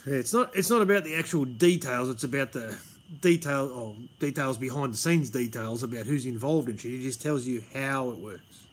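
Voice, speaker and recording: A man's voice: medium pitch, normal speed. An Australian man hosting a live stream, rambling casually, swearing and saying "man" a lot, outdoors under a pergola. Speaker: livestream host.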